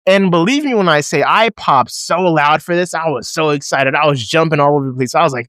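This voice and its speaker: A man giving a casual recap and review of a wrestling show, animated, acting out his own reactions in a raised voice. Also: on the high side, brisk, hardly any pauses, no room sound, studio quality.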